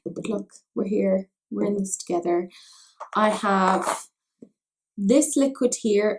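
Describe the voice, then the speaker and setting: A young Irish woman chatting casually while doing her makeup, rambling and poking fun at herself. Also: medium pitch. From Ireland. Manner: chatty, self-mocking, rambling asides. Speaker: makeup vlogger.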